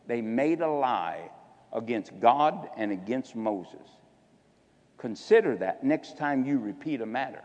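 In a muffled recording with long hall reverb, a man speaks at medium pitch with a darkish tone and lively intonation. He is preaching and exhorting his congregation, lingering on important words, then slipping into rapid side remarks.

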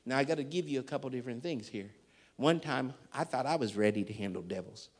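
A man preaching a sermon and telling a story, emphatic and dramatic, swinging between loud and hushed. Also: medium pitch, animated, fast. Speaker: pastor.

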